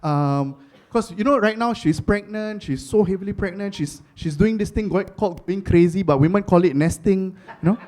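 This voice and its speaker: High-voiced Singaporean stand-up comic. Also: male voice, moderate pace. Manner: animated storytelling, Singlish phrasing. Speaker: stand-up comedian. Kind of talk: stand-up comedy.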